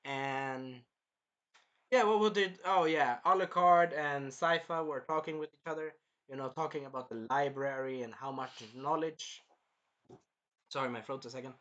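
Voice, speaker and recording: A man's voice: mid-range voice, moderate pace, a bit bright, muffled recording. A man giving a casual episode review, rambling, repeating himself and swearing. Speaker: show reviewer.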